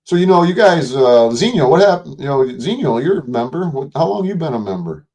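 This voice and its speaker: A man's voice: on the high side, very animated, brisk, a little mellow. An older man hosting a livestream, rambling casually and profanely while reading and answering chat messages. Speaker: livestream host.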